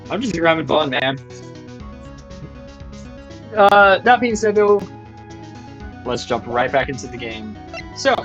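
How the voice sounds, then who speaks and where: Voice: mid-range voice, fairly bright tone, lo-fi sound. A YouTube gamer giving loose, self-mocking let's play commentary.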